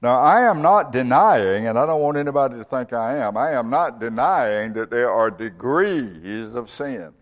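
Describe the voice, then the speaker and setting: A man preaching a sermon as a pastor, reciting scripture and speaking God's words in the first person. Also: medium pitch.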